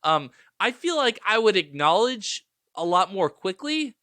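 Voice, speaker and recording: A man co-hosting a casual podcast chat, rambling and halting with lots of fillers. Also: sits high, sing-song, pushed and bright, no room sound, clean studio sound. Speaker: podcast co-host.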